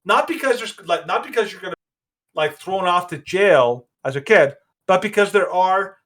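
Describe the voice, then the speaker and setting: A male podcast co-host gives casual, opinionated commentary in a rather high voice. He talks emphatically, starting over and rephrasing often as he works through his point. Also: lively intonation, normal speed, fairly bright tone. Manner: opinionated and emphatic, rambling with many restarts.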